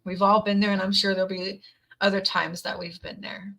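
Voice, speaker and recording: A woman's voice: medium pitch, flat delivery, fairly quick, sharp tone, poor audio. A woman giving a live tarot reading to her viewers, earnest and emotional, teary at times, repeating her words of encouragement. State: teary, near crying. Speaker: tarot reader.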